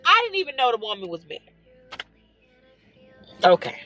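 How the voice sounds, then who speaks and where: A woman's voice: a little high, normal speed, faint music behind. A young woman telling a personal story in a casual vlog, talking straight to her viewers. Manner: animated, talks straight to viewers with "y'all" and "okay?". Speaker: storytime vlogger.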